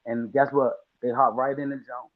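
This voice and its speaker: A man's voice: medium pitch, level tone, normal speed, narrow, tinny audio. A man from the Washington, D.C. area, a lawn care business owner telling his story as a podcast guest, casual and slangy, acting out quotes.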